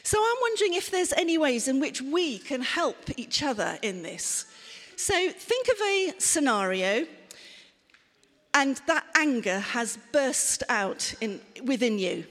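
A woman's voice: high voice, very animated, unhurried, a bit bright, long reverb tail. A woman preaching an interactive sermon, expressively acting out angry and soothing replies for her listeners.

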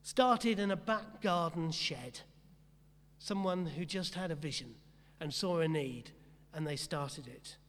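High-voiced male preacher in a reverberant hall. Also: takes it slowly, a bit bright. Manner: rhetorical, repetitive emphasis, asks the congregation questions. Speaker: pastor. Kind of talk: sermon.

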